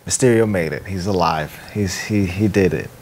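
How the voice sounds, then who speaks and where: A man's voice: deep voice, moderate pace, a little mellow, slight background noise. A man co-hosting a podcast, recapping a film in casual chat and laughing often as he tells the story. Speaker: podcast co-host.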